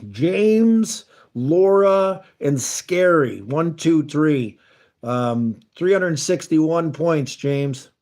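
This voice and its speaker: A man's voice: a little high, very slow, a little mellow. A man hosting a casual livestream, talking earnestly and rambling as he reads and answers chat messages. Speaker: livestream host. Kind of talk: casual live-stream chat.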